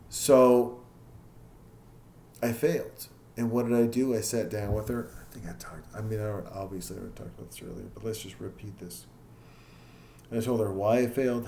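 A man's voice: lowish voice, a little mellow, slight background noise. A man hosting a podcast, talking candidly and self-critically in a casual monologue, swearing freely. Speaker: podcast host. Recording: echoey room with faint ambience.

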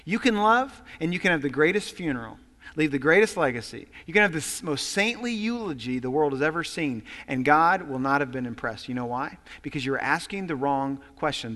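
A man preaching a sermon as a pastor, telling a story and dropping to hushed tones for quoted lines before rising to loud emphasis. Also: a little high. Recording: long hall reverb.

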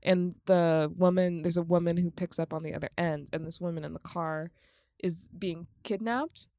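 A woman's voice: on the low side, steady tone, moderate pace, warm tone, dry recording, studio quality. A woman co-hosting a podcast, recapping films in a rambling, casual chat, laughing often and swearing freely. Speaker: podcast co-host.

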